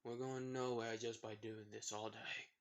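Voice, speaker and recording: A man voicing a sly, cocky male pirate captain in a soft, mumbled British accent. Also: fairly low pitch, flat delivery, a little slow.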